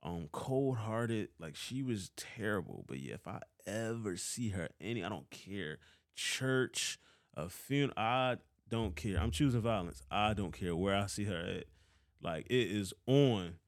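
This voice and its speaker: A man in his thirties with a Philadelphia accent tells a story about an old boss, heated and swearing often. His voice sits a little low. The sound is dry, with no room echo. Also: lively intonation, unhurried. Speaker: vlogger. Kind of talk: casual storytelling rant.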